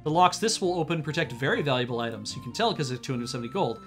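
A man's voice: mid-range voice, animated, fast talker, a bit bright, faint music behind, natural voice. A man reading a wry elf warrior.

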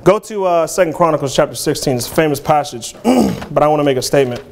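Thirties guy preaching in church, kinda high voice, casual, reads kjv verses. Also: animated, fast talker, darkish tone. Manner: informal, conversational, peppered with "you know" and "man"; reads scripture aloud in King James English. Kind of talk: sermon.

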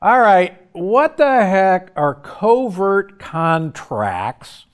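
A man hosting a podcast interview, asking questions in a measured, deliberate way. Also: sits high, big pitch swings, smooth. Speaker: podcast host.

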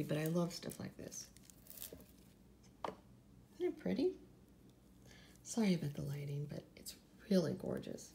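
A woman from California chatting through a casual unboxing at home, gushing over each item and often dropping into a soft whisper. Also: lowish voice, big pitch swings, moderate pace, creaky, pauses often, slight background noise. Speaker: vlogger.

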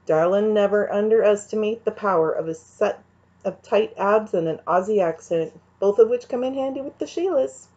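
A woman's voice: mid-range voice, normal speed, mellow, natural voice. A woman voicing a cocky adult male karate instructor who teases and boasts, from a dull recording. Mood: teasing. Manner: teasing, boastful.

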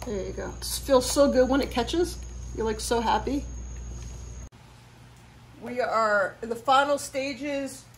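A woman's voice: a little high, slow pace, long pauses, a little hiss or hum. A woman hosting a motorcycle repair channel, giving upbeat, chatty step-by-step instructions. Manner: upbeat and chatty, cheering when parts fit. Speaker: host of a motorcycle how-to channel. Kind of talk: casual how-to instruction.

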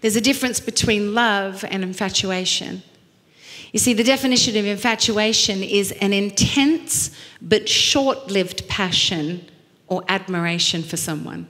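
A woman's voice: mid-range voice, a little slow. Middle-aged lady preaching, acts out little quotes, repeats stuff for emphasis, big echoey hall. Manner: animated storytelling with acted quotes and emphatic repetition. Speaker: pastor. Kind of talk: sermon. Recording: long hall reverb.

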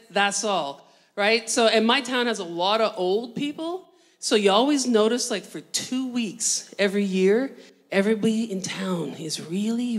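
A middle-aged woman from New Brunswick, Canada, performs a stand-up monologue as a talk show host. Her voice sits at an ordinary middle pitch. She tells stories in an animated, playful way, slipping into mock-exasperated asides.

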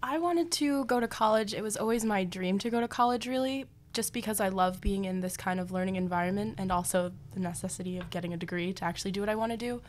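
A young woman, a student guest who speaks clearly, sincerely and fluently. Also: medium pitch, fast talker, hardly any pauses. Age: young adult. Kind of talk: casual interview chat.

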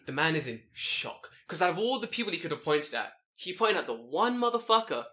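A man hosting a podcast, telling a story in an excitable, profane, animated way. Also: fairly high pitch, fairly quick. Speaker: podcast host. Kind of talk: casual chat, storytelling.

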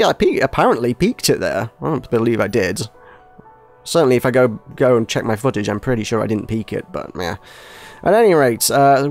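A man's voice: medium pitch, a little mellow. A man with an English accent giving casual, rambling commentary on a game, hesitant and self-deprecating. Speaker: game reviewer.

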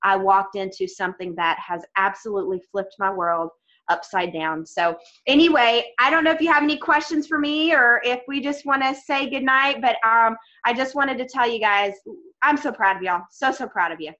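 A woman's voice: fairly high pitch, moderate pace, pushed and bright, lo-fi sound. A woman giving an encouraging motivational talk to a team on a video call, speaking with emphasis and addressing them as guys.

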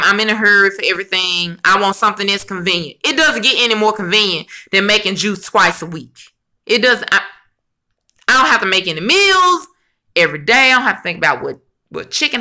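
A woman vlogging casually about her weight loss, chatty and expressive, talking straight to her viewers. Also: medium pitch, fairly quick. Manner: chatty, addresses viewers as y'all and honey; emotional and expressive, rambling with restarts. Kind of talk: casual chat to camera.

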